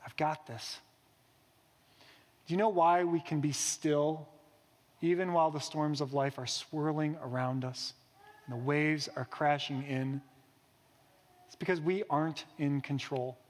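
A man's voice: fairly high pitch, fairly even intonation, unhurried, in a large hall. A man preaching a sermon in an earnest, reflective way, posing rhetorical questions. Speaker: pastor.

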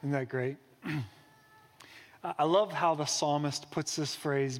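A man's voice: on the high side, slow pace, long reverb tail. A man preaching a sermon in an earnest, reflective way, posing rhetorical questions. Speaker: pastor.

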